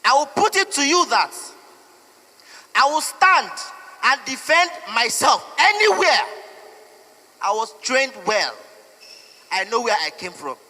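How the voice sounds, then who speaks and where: A man's voice: extremely high pitch, big pitch swings, takes it slowly, long pauses, pushed and bright. A young Nigerian man with a Nigerian accent, speaking out in an emotional, pleading and defiant street interview. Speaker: protester. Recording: echoey hall with long reverb.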